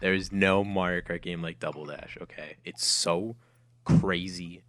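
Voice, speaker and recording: Deep-voiced joking young guy. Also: measured pace. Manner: joking, energetic, opinionated. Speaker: podcast co-host. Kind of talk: casual chat.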